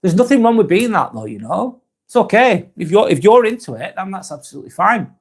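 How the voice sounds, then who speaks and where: A man's voice: sits high, sing-song, brisk, slightly rough. A man in his forties with a Northern English accent, hosting a live stream and reading out chat comments, joking and rambling with frequent restarts. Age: 40s.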